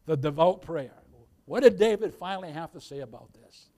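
A man preaching a sermon as pastor, reading scripture slowly and rising to loud calls for amen. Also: fairly high pitch, animated. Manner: reads scripture slowly in King James wording; jokes with the congregation and laughs.

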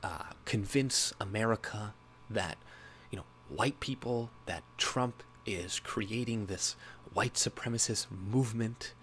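Slow-paced, with a fairly bright tone and a little hiss or hum, a male political commentary vlogger rambles casually and laughs a lot. His voice is somewhat low, but he leaps into a higher pitch to mock other people.

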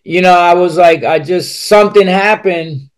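A man's voice: high-pitched, normal speed. A man speaking as a podcast guest, telling a personal story candidly and bluntly, swearing freely and restarting his sentences as he rambles on.

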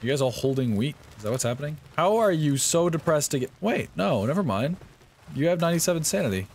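A young man giving live gameplay commentary, excitable and often yelping and swearing at enemies. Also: fairly high pitch, quick pace, slightly rough. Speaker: streamer.

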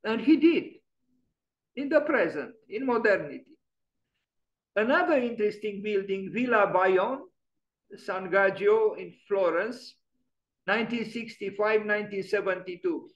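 A man's voice: high voice, measured pace, pauses often, muffled recording. A man giving an online lecture on architecture, musing and emphatic, often restarting his sentences. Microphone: video call.

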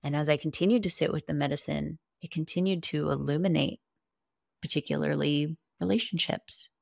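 A woman's voice: low voice, steady tone, fairly quick, gravelly, no room sound, clean studio sound. A woman guest on a podcast, earnestly and candidly telling a personal story, with casual swearing.

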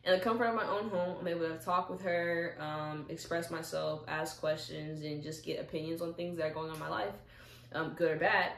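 Young woman vlogger, lowish voice, animated storyteller, echoey room. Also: brisk, creaky, a little hiss or hum. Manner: animated storyteller, acts out little dialogues. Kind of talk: casual talk to camera. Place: at home, seated in a chair.

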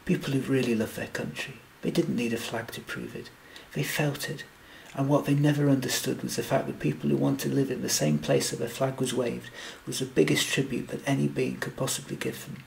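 Gravelly male storyteller. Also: mid-range voice, slight background noise, low-quality recording. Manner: steady storytelling read. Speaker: audiobook narrator. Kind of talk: scripted narration.

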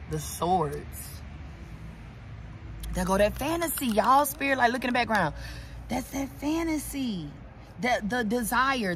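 A woman's voice: mid-range voice, fairly bright tone. A woman giving a casual tarot reading outdoors, talking to her viewers in a chatty, profane way with lots of asides. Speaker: tarot reader. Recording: outdoor recording with clear traffic ambience. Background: vehicles passing.

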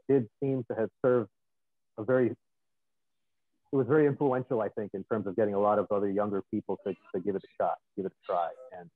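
A man, a filmmaker, speaking thoughtfully and haltingly on a video call. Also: on the low side, no echo. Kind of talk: casual panel talk. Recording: tinny dry phone-like line.

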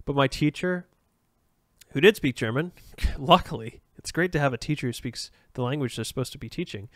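A man's voice: mid-range voice, brisk, a bit bright, no echo, studio quality. A man hosting a solo podcast, rambling and self-aware, with frequent restarts and fillers. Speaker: podcast host.

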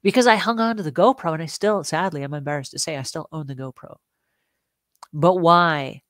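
A middle-aged woman hosting a live show, talking in a chatty, animated way and asking her audience questions. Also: low-pitched, brisk, no echo, studio quality. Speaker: host. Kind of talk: casual live-stream talk.

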